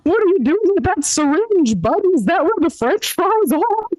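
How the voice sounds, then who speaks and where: A woman's voice: extremely high pitch, very animated, moderate pace, a little mellow, no echo, pitched above the performer's own voice, poor audio. A woman voicing a blissfully happy, oblivious pet dog in a comedy bit. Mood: gleeful. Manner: gleeful and naive.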